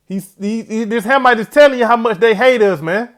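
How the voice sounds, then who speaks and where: A man's voice: extremely high pitch, a little fast, fairly bright tone. A man hosting a religious commentary show, speaking in a preachy way and ending his phrases with "man". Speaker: host.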